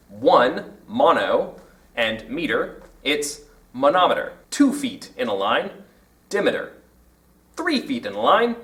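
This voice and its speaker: Lively man teaching, heard from a distance. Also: fairly high pitch. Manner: animated, taps out rhythms aloud. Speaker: teacher and channel host. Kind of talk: explaining a literature lesson to camera.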